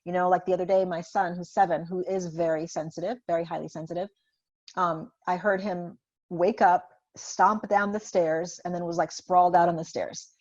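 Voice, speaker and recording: A woman talks through a parenting point in a relaxed conversational interview. She slips into little acted voices of parent and child as she tells her stories. The sound is somewhat muffled and lo-fi, as if over a video call. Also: lowish voice, moderate pace. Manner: animated storyteller acting out parent and child. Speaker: guest parenting expert. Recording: muffled lo-fi audio.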